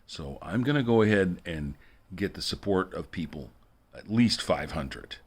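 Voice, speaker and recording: A man's voice: deep voice, lively intonation, measured pace, husky. A man rambling through a monologue for his video blog, repeating himself and chuckling between asides. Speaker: video blogger.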